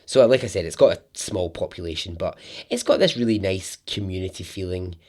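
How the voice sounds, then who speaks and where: A man's voice: low voice, fairly quick, a little mellow. A man hosting a storytelling podcast, chatty and jokey with sarcastic asides.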